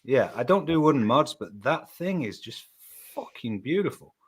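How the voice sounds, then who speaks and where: A man chatting on a live video-call show, sweary and quick to get worked up in casual banter. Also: medium pitch, very animated, husky.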